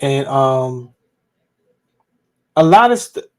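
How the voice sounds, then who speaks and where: A man hosting a podcast livestream, talking in a relaxed, casual, slangy way. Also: mid-range voice, very slow. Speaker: podcast host.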